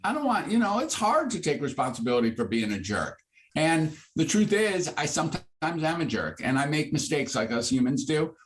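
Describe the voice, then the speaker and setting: A man in his sixties, a psychiatrist, talking freely in an interview and rising to high, lively bursts when he makes a point. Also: normal speed. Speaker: psychiatrist guest. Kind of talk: conversational interview.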